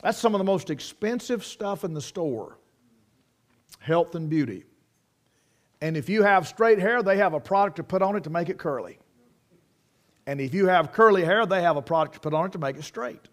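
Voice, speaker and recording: A man's voice: sits high, animated, normal speed, pauses often. A man preaching a folksy sermon, telling homespun stories and sayings and often restarting his sentences. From United States. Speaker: pastor.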